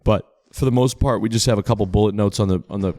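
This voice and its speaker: A man with a low voice chatting as a podcast guest. He rambles loosely through profane, self-deprecating stories. The sound is dry and close. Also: fast talker, darkish tone, no room sound. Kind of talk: casual podcast chat.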